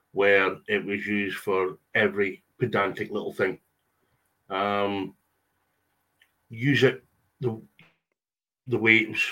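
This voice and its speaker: A man, a podcast guest, giving measured opinions with many pauses and ums. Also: lowish voice, bright, forceful tone. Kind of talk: podcast discussion.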